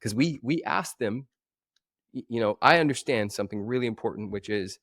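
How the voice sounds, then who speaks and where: A man in his forties speaks as a podcast guest, at an ordinary middle pitch. He tells stories with lively energy and slips into other people's voices as he goes. The sound is close and dry, with no room around it. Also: brisk, no echo. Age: 40s. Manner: animated storyteller who acts out voices. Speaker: guest coach. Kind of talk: podcast interview.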